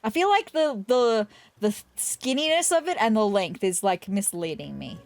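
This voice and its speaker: A woman's voice: fairly high pitch, animated, moderate pace, no echo, soft background music. A woman gaming YouTuber chatting casually and digressively over her gameplay, laughing easily.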